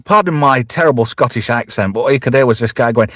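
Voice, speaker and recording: A man's voice: mid-range voice, fast, bright, forceful tone, no echo, studio quality. A man hosting a casual livestream chat show, joking around and rambling, with frequent laughs and restarts. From lived in Alberta, Canada. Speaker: host.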